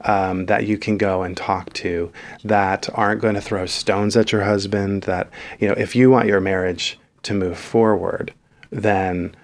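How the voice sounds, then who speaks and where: A man's voice: on the low side, little pitch movement. Earnest man giving marriage advice. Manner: measured, earnest, many fillers. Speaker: counselor guest. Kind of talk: advice in casual conversation.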